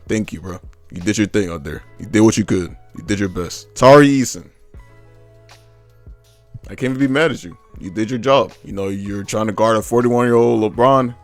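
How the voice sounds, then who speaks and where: A man's voice: mid-range voice, no echo. Blunt, exasperated young man ranting. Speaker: sports fan commentator. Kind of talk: casual ranting commentary.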